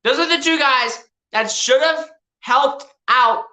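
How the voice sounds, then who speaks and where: A woman's voice: high voice, slow, bright, forceful tone. A woman streaming live play-by-play as a fan, calling plays and trash-talking rivals, laughing often. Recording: roomy echo.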